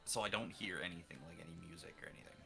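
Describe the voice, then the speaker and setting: Deep-voiced man playing a tabletop game. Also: steady tone, rapid-fire, vocal fry, a bit bright, soft background music. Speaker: player.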